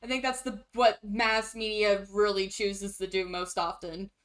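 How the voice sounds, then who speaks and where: A young woman co-hosting a podcast in casual chat, animated and blunt, laughing often. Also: medium pitch, measured pace. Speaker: podcast co-host.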